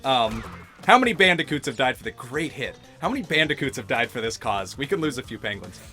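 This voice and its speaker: A man's voice: mid-range voice, sing-song, a little fast, sharp tone, soft background music. A middle-aged man chatting casually while playing a video game, telling rambling stories and laughing often. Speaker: gaming host. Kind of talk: casual let's-play chat.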